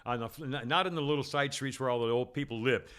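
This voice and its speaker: A man hosting a podcast, telling a long story in casual chat with many restarts and false starts, getting loud as he gets worked up. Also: medium pitch, fast talker, clean tone. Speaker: podcast host.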